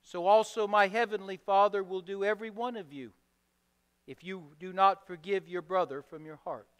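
A pastor preaches in a high, bright, forceful voice that moves at a slow, deliberate pace. His words stay smooth and resonant, and he stacks repeated phrases for emphasis. A long church reverb trails behind every line. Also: fairly even intonation. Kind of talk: sermon. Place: church sanctuary.

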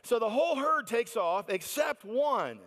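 A middle-aged American man telling a lively story at a faith conference, acting out the excited voices of the people in it. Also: extremely high pitch, a little slow, long reverb tail. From United States. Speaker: conference speaker. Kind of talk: storytelling sermon.

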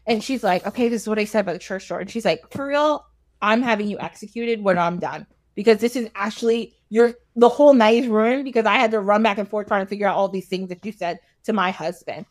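A woman's voice: mid-range voice, quick pace, dry recording. A woman casually retelling a fairy tale with slangy comic asides, laughing often. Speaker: storyteller guest.

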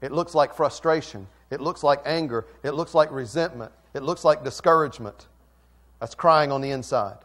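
A pastor delivers a sermon in a slightly high voice at a moderate pace. He is emphatic, moving between quiet asides and loud calls, and repeats phrases to drive them home.

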